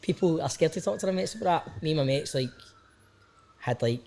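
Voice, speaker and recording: A man's voice: a little high, expressive, fairly quick, gravelly, dark tone. A Scottish man in his thirties talks openly as a podcast guest. His delivery is loose and rambling, full of self-questioning asides and casual "aye"s. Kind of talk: candid casual conversation.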